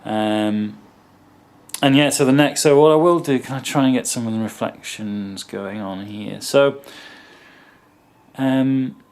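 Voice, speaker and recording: A man's voice: medium pitch, a little slow, a little mellow. A man presenting a guitar in a casual, rambling way, with many ums and asides. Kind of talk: casual talk to camera.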